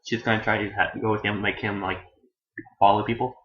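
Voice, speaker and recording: A man gives a casual, rambling anime review, meandering, swearing and often correcting himself, and he acts out characters in shrill voices. He talks fast in a slightly bright voice with little pitch movement. The room is echoey and the sound dull and lo-fi.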